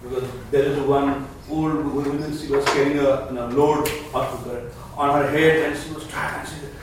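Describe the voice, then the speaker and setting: A man in a class discussion, telling a short story in a halting way with many fillers, recorded from far away in an echoey room. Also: medium pitch, flat delivery. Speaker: class participant. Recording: echoey room, distant mic, faint noise.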